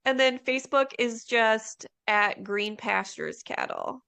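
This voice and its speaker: A woman guest on a farm podcast, speaking in a relaxed, candid and blunt way. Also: on the high side, takes it slowly, vocal fry, clean tone. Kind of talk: casual interview chat.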